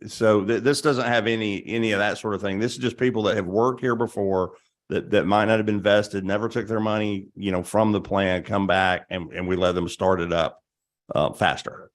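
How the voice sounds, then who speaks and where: A man with a very low voice asks a question during a committee hearing. He stammers and repeats words as he goes, his tone casual. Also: steady tone, moderate pace. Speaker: committee member.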